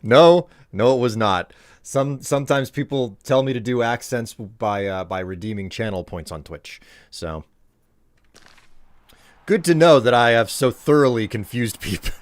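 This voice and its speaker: A man's voice: mid-range voice, normal speed, no room sound, studio quality. A man chatting casually to his live-stream chat while he plays, rambling and joking. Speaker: game streamer.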